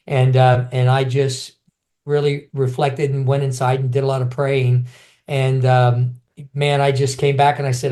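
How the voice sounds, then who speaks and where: A middle-aged man, a former champion kickboxer, telling his stories in a casual interview, animated, often restarting and acting out other people's voices. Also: mid-range voice, normal speed.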